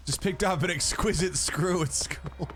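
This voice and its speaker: A man's voice: high voice, measured pace, a bit bright, slight background noise. A man streaming a video game, chatting casually with viewers, laid-back and swearing freely. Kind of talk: casual let's-play chat.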